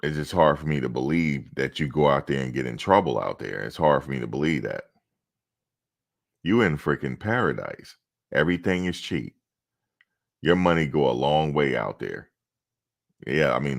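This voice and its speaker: A reaction streamer with an extremely low, gravelly voice talks at a normal speed in an animated way. He chats casually on his livestream, telling loose, rambling stories and speaking straight to his chat viewers.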